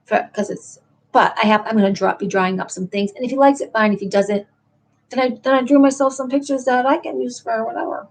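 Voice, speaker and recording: Woman with a slightly high voice rambling to her chat late at night, loose and chatty. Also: fairly even intonation, fairly quick. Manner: meandering, talks to chat viewers, soft and chatty. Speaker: livestream host.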